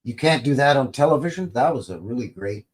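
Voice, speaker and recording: A man's voice: mid-range voice, animated, brisk. A middle-aged man from Canada hosting a live stream, chatting casually in a rambling, folksy way. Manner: rambling and folksy, many fillers and restarts.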